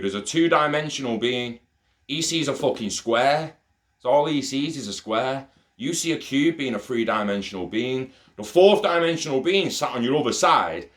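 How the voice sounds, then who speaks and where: A young man telling a rambling personal story in a casual monologue, swearing often. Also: medium pitch. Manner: profane, rambling and excitable. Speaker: storyteller sharing an experience.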